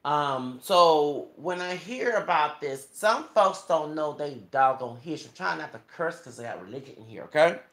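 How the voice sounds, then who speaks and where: A man's voice: fairly high pitch, lively intonation, normal speed, hardly any pauses, fairly bright tone. A man from Texas with a Southern accent, a YouTuber giving an emphatic, preachy monologue that quotes scripture. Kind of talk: impassioned monologue. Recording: echoey room.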